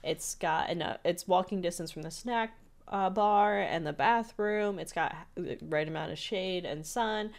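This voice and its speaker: A woman co-hosting a podcast, casually recapping an episode scene by scene with lots of "like"s. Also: fairly low pitch. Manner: retells scenes with many "like"s and quick character impressions. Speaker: podcast co-host.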